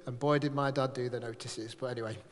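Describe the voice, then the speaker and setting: A man's voice: mid-range voice, fairly even intonation, quick pace. A man leading a church service, giving notices in a chatty, joking, rambling way to a live congregation. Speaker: church leader. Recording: echoey hall.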